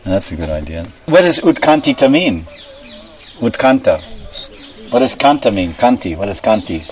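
A man's voice: on the low side, big pitch swings, normal speed, a little mellow. A man giving a devotional class, explaining terms and asking his listeners questions. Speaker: spiritual teacher. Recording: distant mic, faint background noise.

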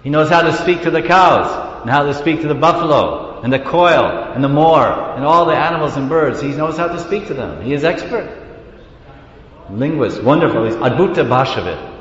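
A man giving an animated devotional class, telling stories with laughter and bursts of song. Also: on the high side, normal speed. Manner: animated storytelling, laughs, sings syllables. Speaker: preacher. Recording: roomy hall with long reverb, dull lo-fi sound.

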